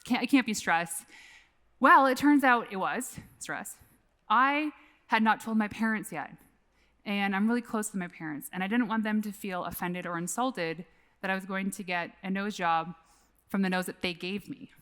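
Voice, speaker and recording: A woman's voice: mid-range voice, normal speed, a bit bright. A woman in her forties giving a keynote talk on a conference stage, telling a personal story in a candid, casual way and swearing freely. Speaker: keynote speaker.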